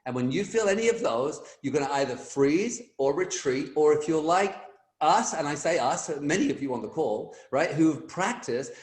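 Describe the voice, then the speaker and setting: Animated middle-aged male storyteller, echoey. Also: fairly high pitch, normal speed. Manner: energetic, animated storyteller acting out quotes. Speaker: guest speaker. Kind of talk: motivational storytelling on a team call. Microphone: video call.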